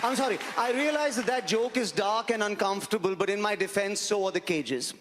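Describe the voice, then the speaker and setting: A man's voice: high-pitched, a little fast, fairly bright tone, slight background noise. A man doing stand-up comedy, teasing the crowd on a theater stage. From India. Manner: dry, teasing crowd work. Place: theater stage before a live audience. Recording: reverberant theater.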